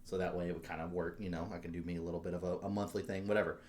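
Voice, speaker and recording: A man co-hosting a podcast, telling a story as a fast, animated rant full of swearing. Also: sits low. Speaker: podcast co-host. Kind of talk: casual chat.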